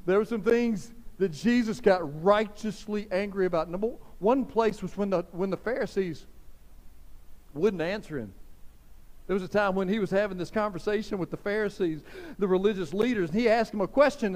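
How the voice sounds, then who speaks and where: A man's voice: sits high, fairly quick, darkish tone. A man in his fifties preaching a fervent sermon as pastor, urging his listeners and repeating phrases for emphasis. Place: large church hall. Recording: long hall reverb.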